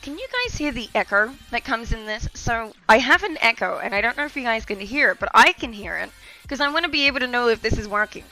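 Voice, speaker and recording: A young woman chats playfully with her stream audience, her voice bright and a touch high. She talks into a desk mic in a room with a little echo, and faint music plays underneath. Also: animated, fast talker. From Australia. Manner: chatty, playful, reading and answering chat. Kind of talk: casual live-stream chat. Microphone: desk mic, testing distances.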